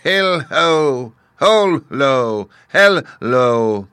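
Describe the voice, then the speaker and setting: A fierce, commanding old witch from a storybook, as a male narrator puts her on, pitched high above his own voice. She chants and gives orders loudly, with a bright, forceful edge. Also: big pitch swings, extremely slow, clear, resonant tone, dry recording, studio quality, heavily acted. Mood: chanting. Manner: shrill incantations and loud commands.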